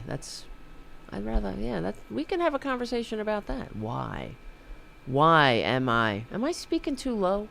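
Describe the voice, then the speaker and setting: Slow, sarcastic male podcast host. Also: high-pitched, sing-song, vocal fry, fairly bright tone, a little hiss or hum. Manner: sarcastic, rambling, mocking. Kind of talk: political commentary monologue.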